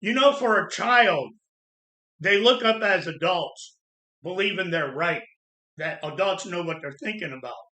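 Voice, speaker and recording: A man from Florida telling his own life story in a halting, earnest way, with pauses and restarts. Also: sits high, animated, pushed and bright. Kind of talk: personal storytelling monologue. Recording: echoey room.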